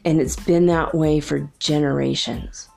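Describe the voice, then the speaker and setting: Middle-aged woman, rambling spiritual vlogger, mellow and slightly low voice, faint music behind. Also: fairly even intonation, unhurried, gravelly. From Minnesota. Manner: rambling, chatty, laughs often. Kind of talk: casual spiritual musing.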